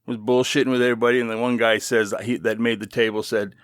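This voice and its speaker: A middle-aged man rambles through a story on his own podcast, easygoing and a little profane, with plenty of asides. His voice sits at an ordinary pitch and is recorded dry and close, with almost no room sound. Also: flat delivery, fast talker, smooth, dry recording. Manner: loose and chatty, with swearing and asides. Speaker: podcast host. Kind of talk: casual storytelling monologue.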